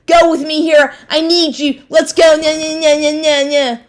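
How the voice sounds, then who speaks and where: A woman's voice: sits high, flat delivery, moderate pace, voice pushed up, close to an everyday voice. A woman putting on a mocking, sing-song voice for a whiny, self-absorbed grown man.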